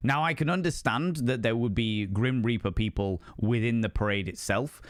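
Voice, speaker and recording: Guy streaming, hammy and playful with chat, mid pitch, dry close sound. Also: normal speed, dry recording. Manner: theatrical, playful, greets chat with flourishes. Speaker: streamer host. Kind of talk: casual live-stream chat.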